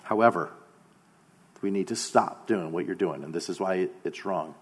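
A man in his thirties preaching a sermon as pastor, earnest, often slowing down and dropping to a quiet voice for emphasis. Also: sits low, breathy edge. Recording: long hall reverb.

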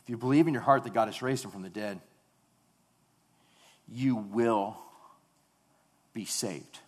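A man preaching a sermon, reading scripture and then expounding it with emphatic, repeated phrases that build to loud, fervent passages. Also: mid-range voice, lively intonation, unhurried, pauses often.

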